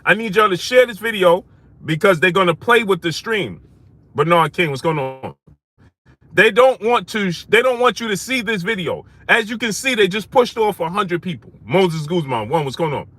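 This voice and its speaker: A man's voice: sits high, animated, moderate pace. Heated man hosting a live stream. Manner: shouts out viewers by name, rising to heated outrage; preachy, repeats phrases for emphasis.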